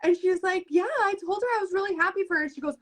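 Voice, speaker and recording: Woman, 30s, high voice, sales team leader; earnest, animated storyteller. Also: very fast. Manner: earnest and animated, retells conversations in lively voices. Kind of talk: live video conversation.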